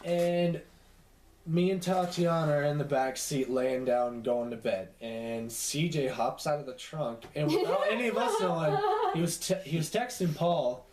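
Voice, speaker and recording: A man's voice: on the high side, a little slow. Young man telling a profane story. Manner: animated, profane storytelling with acted quotes. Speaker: podcast co-host. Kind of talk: casual storytelling chat. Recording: echoey room with faint noise.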